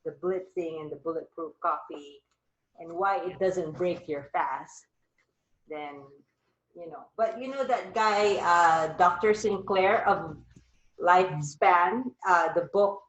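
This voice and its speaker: A woman's voice: fairly low pitch, slow, echoey room, dull audio. A woman hosting a live wellness chat over a video call, talking in a rambling, upbeat way. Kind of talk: casual chat.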